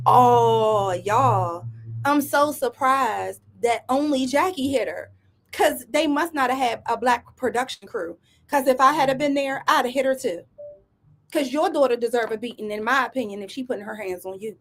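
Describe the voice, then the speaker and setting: A woman hosts a casual commentary show. Her voice sits a little high, and she talks in a sassy, emphatic way full of rhetorical asides. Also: lively intonation, moderate pace, a bit bright. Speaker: commentary host.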